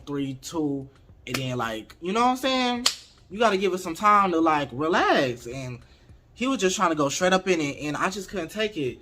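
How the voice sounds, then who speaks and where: A man of twenty casually telling a candid storytime to his viewers, talking straight to them in an expressive way. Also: medium pitch. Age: 20s. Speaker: vlogger.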